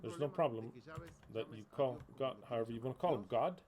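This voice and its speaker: A man's voice: mid-range voice, brisk, phone-quality sound. Blunt, profane male preacher over crowd noise. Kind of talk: informal sermon.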